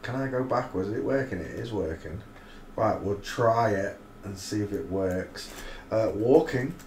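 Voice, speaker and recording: A man's voice: lowish voice, lively intonation, moderate pace, darkish tone. A man hosting a live stream, giving rambling, mocking commentary full of crude asides. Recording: roomy echo, faint noise.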